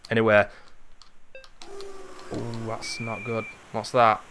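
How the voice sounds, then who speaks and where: A man in his thirties giving casual play-by-play of a retro hockey video game, chatty and wandering, jumping into excited calls. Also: on the low side, slow, a little hiss or hum. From Britain. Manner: chatty, drifts into memories, rises into excited calls at goals. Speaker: gaming video host.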